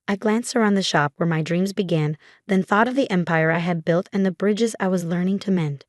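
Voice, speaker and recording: Calm woman narrating a story. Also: fairly low pitch, normal speed, few pauses, dry recording, studio quality. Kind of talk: scripted first-person story narration.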